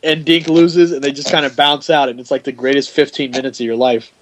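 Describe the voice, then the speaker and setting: Laughing, animated man telling stories. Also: mid-range voice, a little fast, slight background noise, low-quality recording. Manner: animated storyteller, acts out quotes, laughs often. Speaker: podcast host. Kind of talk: casual chat.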